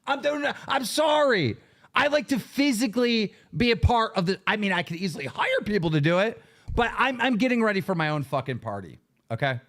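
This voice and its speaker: Animated man in a profane rant. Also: high voice, brisk. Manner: profane, heated, bursts into shouting. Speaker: show host. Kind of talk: angry livestream rant.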